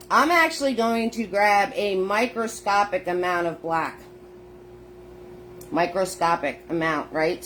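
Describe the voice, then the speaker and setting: A painting teacher with a lowish, fairly bright voice gives a live lesson captured on a phone, slight background noise audible. In a chatty way she explains each step and says hi to viewers by name.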